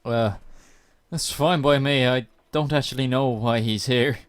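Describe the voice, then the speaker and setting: A man's voice: medium pitch, measured pace, clear, resonant tone, no echo, natural voice. A man voicing a flustered young lodger in a tabletop game, who stammers and fumbles his words. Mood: offhand.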